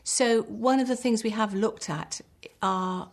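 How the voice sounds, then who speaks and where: A woman's voice: a little high, unhurried. Patient woman teacher. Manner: patient, encouraging, articulate. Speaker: primary school teacher. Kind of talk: explaining her teaching and leading a class.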